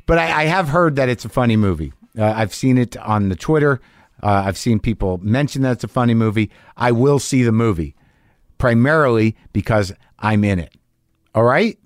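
A man's voice: medium pitch, normal speed, no echo. Dry-voiced rambling podcast host, a man. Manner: rambling, self-deprecating, animated asides. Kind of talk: casual podcast chat and monologue.

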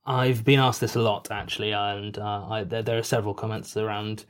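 A man's voice: fairly low pitch, level tone, fairly quick. A British man answering interview questions casually, hesitant with many fillers and dry self-mocking jokes. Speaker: podcast writer and performer.

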